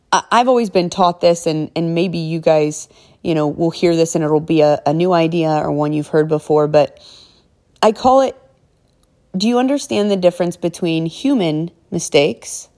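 A woman's voice: low voice, darkish tone. A woman hosting her own podcast, talking casually to listeners in a rambling way, with restarts and many asides to them. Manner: rambling and conversational, restarts, addresses listeners directly. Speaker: podcast host; store manager. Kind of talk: casual solo podcast talk.

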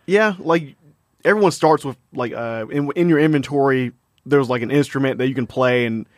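A man's voice: mid-range voice, normal speed, dry recording, studio quality. Laid-back man co-hosting a podcast. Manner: laid-back, giggly, filler-heavy. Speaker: podcast co-host. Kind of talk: casual gaming podcast chat.

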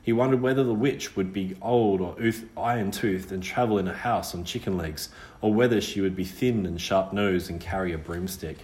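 A man reads a storybook aloud in a measured, expressive manner. His voice sits low. The recording has a roomy, echoey sound. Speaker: audiobook reader. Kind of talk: storybook narration.

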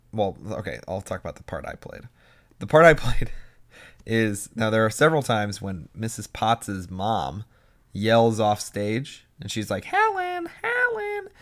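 Low-voiced young man telling animated stories. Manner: animated storytelling with quoted asides. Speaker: podcast co-host. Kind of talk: casual chat.

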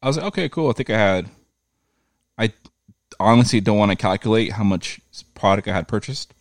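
A man's voice: fairly low pitch, a little fast, dry recording, clean studio sound. A man casually telling a profane story in a chat, acting out the people in it. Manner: profane, animated retelling with quoted voices.

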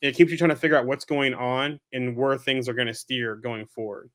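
Bright-voiced man, halting chat. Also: mid-range voice, steady tone. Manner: halting, hesitant with fillers. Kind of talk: casual chat.

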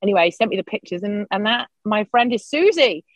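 A middle-aged woman, a podcast guest, telling a personal story in lively, candid conversation, swearing freely and acting out her own quotes. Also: medium pitch, brisk, no room sound. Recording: dull lo-fi sound.

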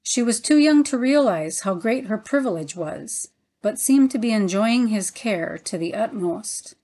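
A woman narrating a book in a measured, reverent reading voice. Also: on the high side, animated, dark tone. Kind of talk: audiobook narration.

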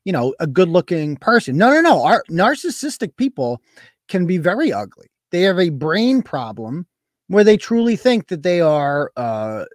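Animated, sarcastic male live-stream host. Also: high voice, moderate pace, no room sound, clean studio sound. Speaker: show host.

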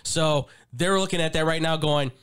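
A man co-hosting a sports podcast, chatty and animated, sharing trivia and laughing often. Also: on the high side, moderate pace, clear, resonant tone. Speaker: podcast co-host. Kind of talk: casual sports talk.

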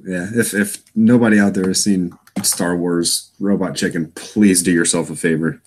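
A man co-hosting a podcast in casual chat, playful and quick to laugh, often acting out silly lines. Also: deep voice, steady tone, darkish tone, a little hiss or hum. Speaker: podcast co-host.

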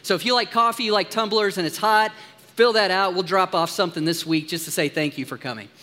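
A man preaching as a pastor, upbeat and joking with the congregation, dropping to a hushed tone in prayer. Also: high voice, fast talker, big-room sound. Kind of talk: sermon. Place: church sanctuary.

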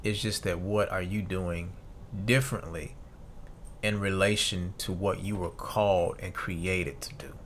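A man's voice: deep voice, fairly even intonation, unhurried, a bit bright, slight background noise. A man in his thirties hosting a solo podcast, reading notes aloud and musing casually, with fillers and restarts. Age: 30s. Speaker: podcast host.

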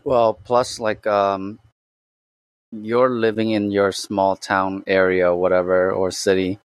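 A man's voice: low-pitched, flat delivery, slow pace, smooth, dry recording. A man telling rambling stories in casual podcast chat, full of "like" fillers. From Boston area. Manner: rambling storyteller, many "like" fillers.

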